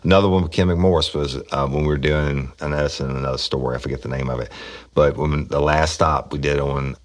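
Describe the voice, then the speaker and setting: With an extremely deep voice, fairly even intonation, and a slightly fast pace, a middle-aged man who used to be a police officer spins rambling, foul-mouthed true-crime tales on a casual podcast, acting out quotes at full volume.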